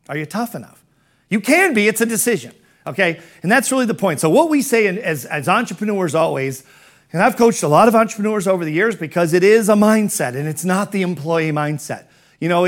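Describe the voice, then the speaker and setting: A middle-aged man giving a motivational business talk as a coach, firing rhetorical questions in an emphatic, conversational way. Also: high-pitched.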